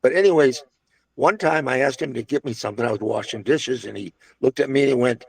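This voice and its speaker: An older man being interviewed recalls his restaurant days in a casual, rambling way, full of restarts and asides. His medium-pitched voice is fast, with vocal fry and a breathy edge, and there's no echo.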